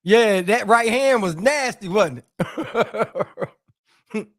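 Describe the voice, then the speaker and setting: A man with a high voice talks loosely with his live-stream viewers, throwing out slang and short asides. He greets people by name and keeps up relaxed banter. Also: drawn-out words. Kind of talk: casual live-stream chat.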